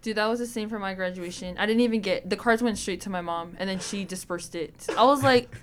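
A young woman chatting casually on a podcast, wry and quick to laugh. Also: medium pitch. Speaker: podcast co-host. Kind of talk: casual chat.

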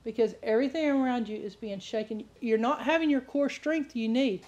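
A woman preacher giving a sermon full of animated stories, often laughing and acting out the voices of people she quotes. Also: a little high, fairly quick, dull audio. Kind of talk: sermon with storytelling.

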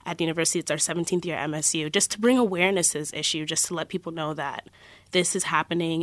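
A woman's voice: lowish voice, steady tone, quick pace, no echo. A young woman, a student organizer speaking earnestly and passionately as a guest in a radio interview. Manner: earnest and passionate, talks in long flowing runs. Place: radio studio.

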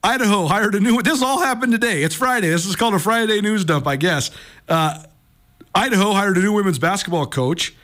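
An American man hosting sports talk radio, his voice sitting high for a man. He rambles in a loose, chatty way, full of fillers and self-corrections. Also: animated, fairly quick, a bit bright.

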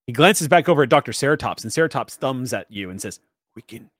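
A man's voice: medium pitch, animated, quick pace, fairly bright tone, no room sound, clean studio sound. A man narrating a tabletop role-playing game as game master, hesitant with restarts and chuckles.

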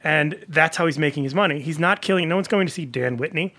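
Rambling fast-talking comedian man. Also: a little high, sharp tone. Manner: rambling, fast anecdotes with many fillers. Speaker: comedian guest. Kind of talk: casual podcast storytelling.

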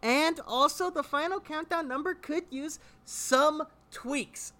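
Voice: high-pitched, slow pace, bright, forceful tone. A performer in an improvised comedy scene, talking in a flustered, backpedaling way and over-explaining everything.

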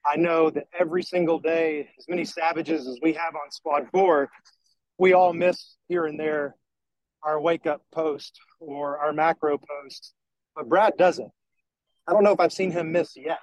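A man's voice: a little high, steady tone, unhurried, no room sound, low-quality recording. A man in a group call praising a squad mate in an admiring, easygoing way. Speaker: squad member.

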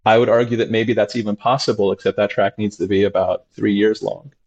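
A man, a doctor as interview guest, talking expressively and acting out his patients' voices with big jumps in pitch. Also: flat delivery, brisk, creaky, darkish tone, lo-fi sound. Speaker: integrative medicine doctor, guest. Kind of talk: animated conversational interview.

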